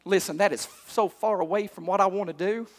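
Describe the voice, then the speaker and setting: A male pastor preaching a sermon, calling out to the congregation and climbing to shouts. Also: sits high, fairly even intonation, fairly quick. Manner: call-and-response preaching, rising to shouts. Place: church hall. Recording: long hall reverb.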